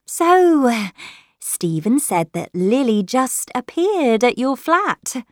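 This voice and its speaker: A woman's voice: high voice, sing-song, slow pace, no room sound, clean studio sound, pitched above the performer's own voice, full character voice. Woman doing a guarded, politely cool wife. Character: tense pregnant stepgrandmother, guarded and polite.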